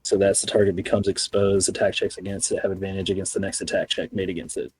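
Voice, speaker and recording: Hesitant, low-voiced player. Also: male voice, level tone, fast, slightly rough, no room sound. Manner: hesitant, filler-heavy. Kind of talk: casual tabletop play.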